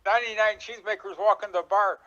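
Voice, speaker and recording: Bright high man on dull lo-fi audio. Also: steady tone, quick pace. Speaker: improv player.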